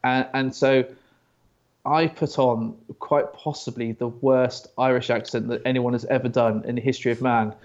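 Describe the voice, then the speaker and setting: British man, interview guest, gravelly, lots of restarts, lo-fi sound. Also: mid-range voice, fairly even intonation, moderate pace. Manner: stammering restarts, chatty storytelling. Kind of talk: casual interview chat.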